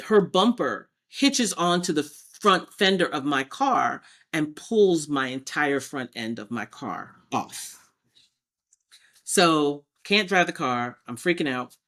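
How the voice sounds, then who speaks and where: Her voice is low and her delivery slow as she tells her own story on a podcast. Animated, she reenacts earlier exchanges, quoting them as she goes along.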